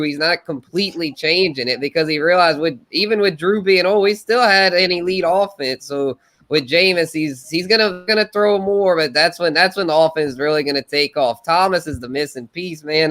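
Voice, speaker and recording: Bright-toned rambling podcast man. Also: fairly high pitch. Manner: rambling, restarts sentences. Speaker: podcast co-host. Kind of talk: casual chat.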